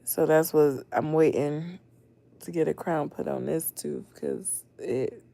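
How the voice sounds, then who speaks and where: A mother hosting a casual late-night livestream, expressive and laughing often, swinging between loud outbursts and hushed talk. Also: sits low, slow pace, vocal fry. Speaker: livestream host.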